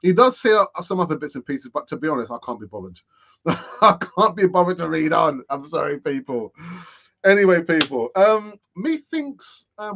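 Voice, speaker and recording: A man's voice: mid-range voice, fairly bright tone, lo-fi sound. A tired man hosting a football fan channel, rambling through transfer news in a casual, self-mocking way.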